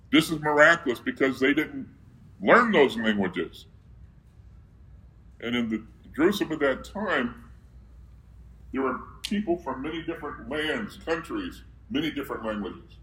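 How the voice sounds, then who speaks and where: A male preacher who delivers his sermon at an unhurried pace. He quizzes the congregation with questions and then answers them himself. His scripture reading carries a firm, emphatic weight. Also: medium pitch, a bit bright, rough recording. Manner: reads scripture aloud with emphasis.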